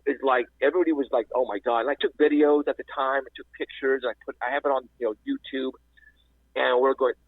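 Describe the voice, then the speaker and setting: A man, calling into a radio show and telling a story in a rambling, animated way with lots of restarts. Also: mid-range voice, dry recording. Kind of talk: casual storytelling. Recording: dry, husky phone-line audio.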